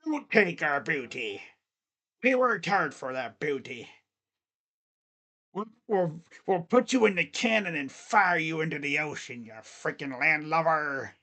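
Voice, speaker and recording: A man doing a gruff pirate guarding his treasure, growling threats in a slow, drawn-out voice and throwing arrs around. It is a rough, playful put-on pirate growl. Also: a little high, animated, bright, forceful tone, exaggerated voice. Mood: menacing.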